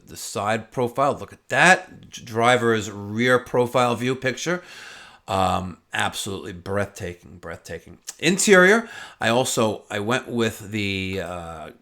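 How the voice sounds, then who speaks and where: A man's voice: on the low side, a bit bright. A man hosting a car vlog, telling his story in a chatty, rambling way and repeating words as he goes. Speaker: car vlogger.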